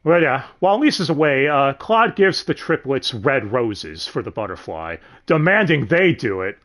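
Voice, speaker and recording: Lively, sardonic man reviewing anime. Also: mid-range voice, moderate pace. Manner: sardonic, swears freely, laughs often. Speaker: podcast host reviewing an anime dub. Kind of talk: casual profane commentary.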